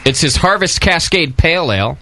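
A man's voice: fairly high pitch, expressive, fairly quick, sharp tone, no echo. A man hosting a casual homebrewing podcast, joking and reading sponsor plugs. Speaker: podcast host. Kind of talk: casual chat.

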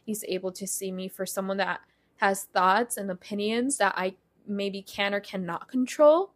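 A woman in her twenties hosts a casual solo podcast, sounding out of breath as she chats candidly, swears freely, and uses plenty of fillers. Her mid-range voice moves at normal speed through a podcast mic that's partly faulty.

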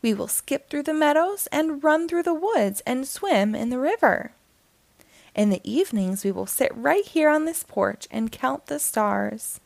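A woman reading aloud, voicing an eager, cheerful young male frog with an excited calling manner. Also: high-pitched, measured pace, gravelly, no echo, full character voice. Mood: pleading.

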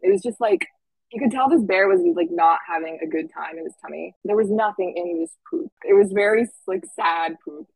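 Young woman, casual storytelling, chatty with lots of fillers, a little gravelly, dry close sound. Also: on the low side, normal speed, no room sound, poor audio. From Washington State. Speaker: camp staff guest.

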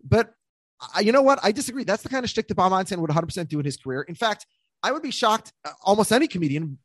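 Fast-talking male podcast host. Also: sits high, sing-song, dry recording. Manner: quick, rambling, joking. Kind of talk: casual podcast chat.

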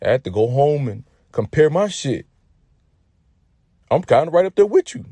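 A man's voice: on the high side, normal speed, slightly rough, no room sound, voice pushed up, full character voice. A man doing an eager stammering buddy. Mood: excited. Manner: loud, excited, stammering. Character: young male friend, eager confessing buddy.

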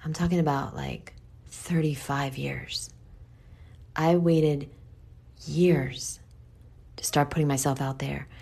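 Woman, New York accent, low-pitched, blunt, swears often, candid monologue. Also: expressive, takes it slowly, gravelly, long pauses, darkish tone, breathy edge. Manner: blunt and profane, addresses listeners as boo.

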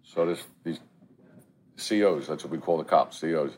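A man's voice: a bass voice, normal speed, darkish tone, a little hiss or hum. A middle-aged man, telling stories bluntly and swearing freely in a casual chat at a restaurant. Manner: profane, blunt, street-talking. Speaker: podcast co-host.

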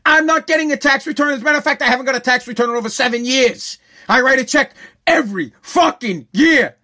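A man hosting a podcast, ranting angrily, yelling and swearing, hammering on his points with repeated phrases. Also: very high-pitched, fast. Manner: yelling, profane, aggressive; repetitive, emphatic phrasing. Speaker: podcast host. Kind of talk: angry podcast rant.

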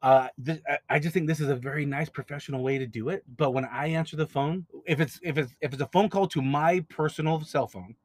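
A man's voice: on the high side, brisk, hardly any pauses, no echo. A man hosting an advice podcast, talking casually and directly, often repeating words as he explains. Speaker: podcast host, notary signing agent business owner.

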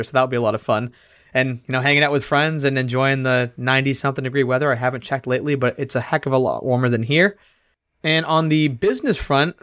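Slightly hoarse upbeat male podcast host. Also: medium pitch, fairly bright tone, no echo, studio quality. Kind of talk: casual podcast chat.

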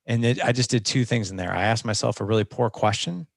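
A man's voice: lowish voice, fast talker, gravelly, dry recording, clean studio sound. A man speaking as a guest coach in a conversational interview, earnest and instructive, often restarting his sentences.

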